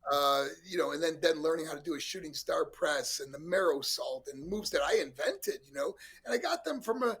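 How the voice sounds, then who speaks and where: Older new york guy, husky voice, animated storyteller, loves a laugh. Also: fairly high pitch, fairly quick, few pauses. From New York, USA. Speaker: guest, former pro wrestler. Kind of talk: casual storytelling interview.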